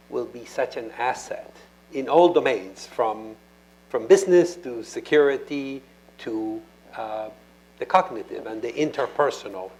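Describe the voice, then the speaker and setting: A man moderating a university panel discussion, speaking in a measured, reflective way with hesitant fillers as he poses questions. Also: medium pitch, darkish tone, rough recording.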